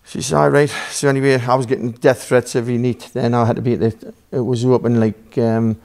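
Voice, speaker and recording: Speaking in a Geordie accent, a man from Newcastle guests on a podcast and rambles through a long, sweary story, acting out dialogue as he goes. The voice sits at medium pitch with a level tone and vocal fry, slightly mellow and fairly quick.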